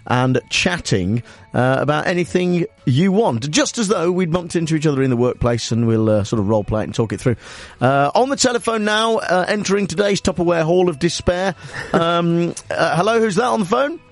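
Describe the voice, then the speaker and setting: A male radio host who talks in a playful, teasing way, halting with many fillers as he speaks into a studio microphone. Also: a little high, lively intonation, faint music behind. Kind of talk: comic radio talk show.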